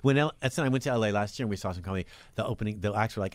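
A man who is a comedian, guesting on a radio show and telling stories in animated banter. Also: on the low side, very fast. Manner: animated storyteller, jumps into silly voices.

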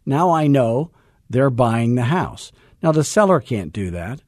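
A middle-aged man coaching real estate agents in a salesy, joking, energetic way. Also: mid-range voice, moderate pace, no echo, clean studio sound. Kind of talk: coaching podcast talk.

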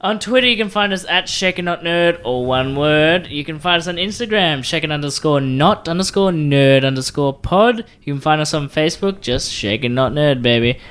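Playful, fairly high-voiced male co-host. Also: animated, moderate pace, hardly any pauses, fairly bright tone, smooth. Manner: playful, reads plugs with flair. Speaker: podcast co-host. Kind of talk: casual podcast chat.

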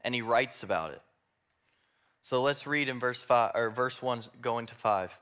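A man delivers a sermon, moving between emphatic scripture reading and relaxed, chatty explanation. His voice sits at an ordinary mid pitch, and he explains things patiently to his congregation. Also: a little slow, smooth. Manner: expounding scripture, reads verses aloud with emphasis; conversational asides with fillers like "like". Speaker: pastor.

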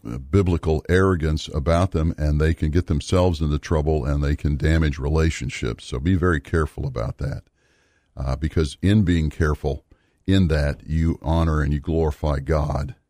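A man teaching a Bible study series in an earnest, measured way, pausing with fillers and repeating words for emphasis. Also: a bass voice, steady tone, dark tone, no echo, clean studio sound.

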